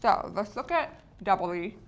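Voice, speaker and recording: A woman's voice: mid-range voice, expressive, moderate pace, dull audio. A woman explaining spelling patterns to teachers in a patient lesson, often checking in with the listeners. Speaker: teacher educator.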